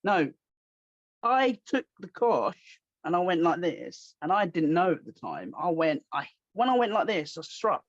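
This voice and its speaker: A man with a fairly high voice tells stories in a casual podcast chat, jumping into the voices of people he quotes. The recording is dry and slightly dull, with a lo-fi tone. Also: normal speed, few pauses, no echo. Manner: animated, acts out quoted voices. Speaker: podcast host.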